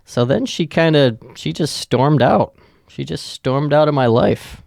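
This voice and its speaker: A man's voice: a little high, a little slow, gravelly, a little mellow, dry recording, clean studio sound. A man hosting a podcast, telling a rambling, sarcastic story full of swearing. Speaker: podcast host. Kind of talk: casual storytelling.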